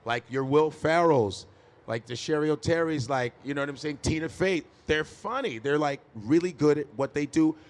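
A man's voice: a little high, normal speed. A man from Chicago, a stand-up comedian telling stories as a guest on a live podcast, swearing freely and laughing often. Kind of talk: casual interview chat.

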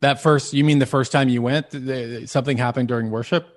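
A man's voice: medium pitch, fairly even intonation, fast talker. Curious male host asking follow-ups. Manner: curious, probing follow-up questions. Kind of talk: interview questions.

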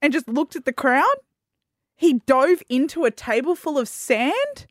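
A woman's voice: high-pitched, very animated, a little slow, heavy background noise. A young woman co-hosting a podcast, animatedly retelling a story and acting out her own panic in a casual chat. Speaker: podcast co-host.

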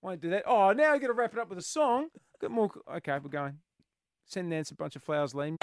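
Teasing, high, gravelly Australian radio host. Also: male voice, expressive, a little fast, no echo, studio quality. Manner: teasing, playful, drops to a soft hushed voice to paint scenes. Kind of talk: casual radio chat. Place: radio studio.

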